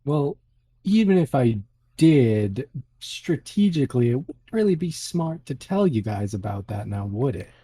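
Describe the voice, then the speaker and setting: A man's voice: mid-range voice, big pitch swings, a little slow, warm tone, breathy edge, dry recording. A man playing in a tabletop game, speaking in character in a brash, sardonic way. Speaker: player.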